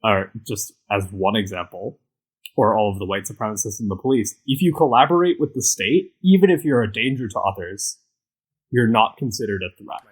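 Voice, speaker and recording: Husky man arguing a point casually. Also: fairly low pitch, expressive, a little fast, low-quality recording. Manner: earnest, argumentative, many fillers. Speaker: podcast co-host. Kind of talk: casual podcast discussion.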